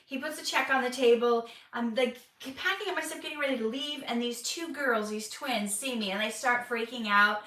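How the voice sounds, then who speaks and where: A woman actress telling an animated personal story, laughing often and stumbling over restarts, recorded off mic in an echoey room. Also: on the high side, normal speed, hardly any pauses, recorded from a distance. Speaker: actress and vlogger.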